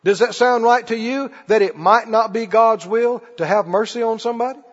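A man's voice: very high voice, normal speed. A man preacher delivering a fervent sermon and firing rhetorical questions at his congregation. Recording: dull recording with long hall reverb.

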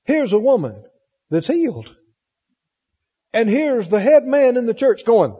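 Pastor guy preaching high and lively, mellow kinda husky tone, old dull tape with a long echoey church reverb. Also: unhurried. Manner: animated preaching, reads scripture aloud, asks the congregation questions. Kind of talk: sermon.

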